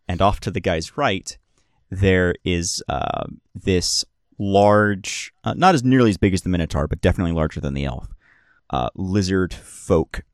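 A man's voice: low-pitched, dry recording, studio quality. A man narrating as game master of a tabletop game podcast, describing scenes in a rambling way and correcting himself as he goes.

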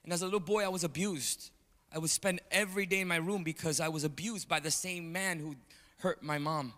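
Animated preacher in a reverberant hall. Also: male voice, fairly high pitch, brisk. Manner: animated storytelling, calls out to the congregation. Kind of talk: sermon. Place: church sanctuary. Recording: long reverb of a large hall.

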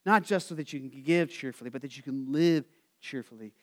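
A male pastor preaching a sermon, asking the congregation to answer back, rising animated and then dropping soft at phrase ends. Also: mid-range voice, a little fast. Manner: asks the congregation for call-and-response answers.

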